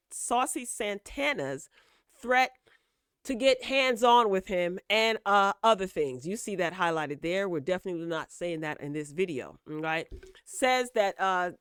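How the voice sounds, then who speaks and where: Chatty woman commentator, lower voice, dry. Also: fairly bright tone, clean tone, no echo. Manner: repeats "all right?" and "okay?" as check-ins; opinionated, lecturing tone. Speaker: entertainment news commentator. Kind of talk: casual gossip commentary.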